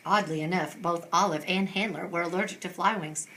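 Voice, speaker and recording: A woman reading a children's picture book aloud with expressive narration. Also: on the low side, fairly quick, few pauses. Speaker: storyteller. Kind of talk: storybook read-aloud.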